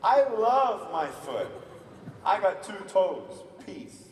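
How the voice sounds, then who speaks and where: A motivational speaker in his thirties with an Australian accent, who gives a lively stage speech, acts out scenes and calls on the audience to answer. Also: high voice, slow, background noise. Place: large conference hall. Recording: distant, echoey hall recording.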